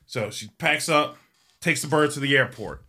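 Bright-voiced, rambling, profane male host. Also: mid-range voice, moderate pace, gravelly. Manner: rambling and profane, with frequent fillers. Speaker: show host. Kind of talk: casual joke-telling.

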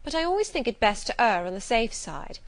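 A woman's voice: fairly high pitch, sing-song, dry recording. A woman reading as a cool, guarded servant woman. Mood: composed. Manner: cool, demure, measured. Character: composed, guarded middle-aged woman servant.

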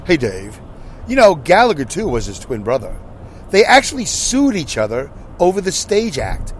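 A man putting on a lowered voice to play a laid-back male commenter. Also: wildly swooping pitch, normal speed, a little hiss or hum. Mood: chummy. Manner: lowered put-on voice.

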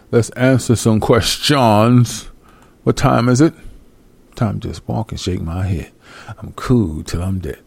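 Blunt, profane man with a gravelly voice. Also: low-pitched, darkish tone. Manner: blunt, profane, streetwise banter. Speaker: host answering viewer questions. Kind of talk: casual live commentary.

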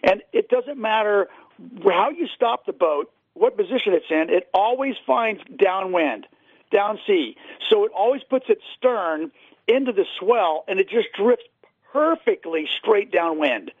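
A man's voice: high-pitched, lively intonation, a little slow, dry recording. A man telling fishing stories with enthusiasm, with many fillers, as a guest on a radio show. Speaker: fishing guide and boat seller. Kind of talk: casual radio interview. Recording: dry, tinny phone line.

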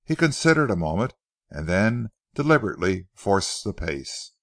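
A man reading a novel aloud as narrator, in a measured, deliberate way. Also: fairly low pitch, big pitch swings, a bit bright, no room sound, studio quality. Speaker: audiobook narrator.

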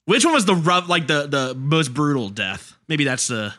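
A man co-hosting a casual movie podcast, animated and quick to laugh. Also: fairly high pitch. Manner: animated, laughs often, jumps between points. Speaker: podcast co-host.

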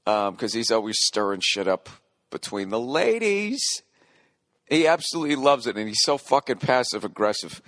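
A man's voice: mid-range voice, sing-song, normal speed, a bit bright, no echo, studio quality. A man in his forties doing a rambling, profane comedic monologue, often interrupting and correcting himself. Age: 40s.

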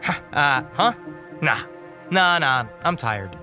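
A man's voice: a little high, very animated, slow, pushed and bright, soft background music, pitched below the performer's own voice, heavily acted. A man voicing a nervous male office worker who talks hesitantly and stammers.

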